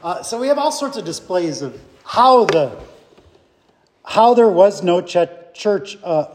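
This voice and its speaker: High-voiced man leading a Bible study. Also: a little mellow, in a large hall. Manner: conversational, questions the group as he teaches. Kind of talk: informal Bible teaching with group discussion.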